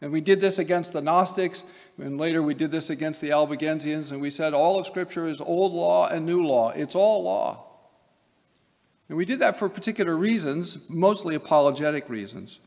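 A man's voice: a little high, normal speed, vocal fry, a little mellow. A man from Nebraska giving an academic lecture as a seminary professor, emphatic, with wry asides. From Nebraska, USA. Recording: long hall reverb.

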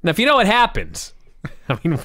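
A man's voice: high-pitched, normal speed, no echo, studio quality. A man co-hosting a wrestling review podcast, telling the story with passion and plenty of swearing. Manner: animated, profane, impassioned storytelling. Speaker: podcast co-host. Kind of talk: casual wrestling review chat.

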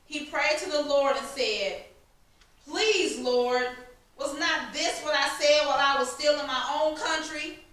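A woman reading a Bible passage aloud to the congregation in a steady, measured way. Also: high voice. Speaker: scripture reader. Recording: echoey room, far from the mic.

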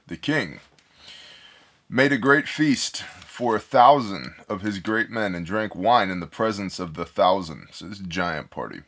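A man's voice: low voice, expressive, moderate pace, a bit bright. A man reading scripture aloud and breaking off to explain it in a casual, digressive way, thinking aloud as he goes. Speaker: Bible study teacher.

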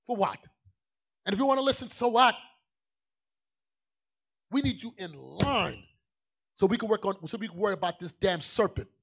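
A man preaching a sermon in a colloquial, emphatic way, dropping to low asides and then rising to shouts. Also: animated, moderate pace, creaky, pauses often, breathy edge.

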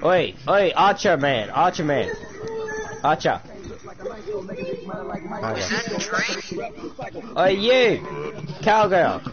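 A man's voice: a little high, very animated, drawn-out words, long pauses, music in the background. A man on a gaming channel who keeps teasing and pestering other players. His voice bounces up and down as he talks. The sound is muffled game voice chat. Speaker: gaming YouTuber.

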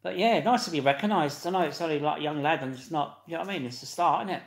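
A man hosting a live stream, chatting and laughing as he reads out viewers' comments and greets them loudly. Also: on the high side, very fast, gravelly. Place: echoey indoor room. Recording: echoey room.

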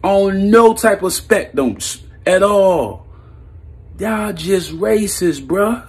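A man's voice: high-pitched, animated, takes it slowly, darkish tone, a little hiss or hum. A man giving a blunt, heated, profane sports opinion rant as a vlog host, breaking into laughs. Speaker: sports commentary vlogger.

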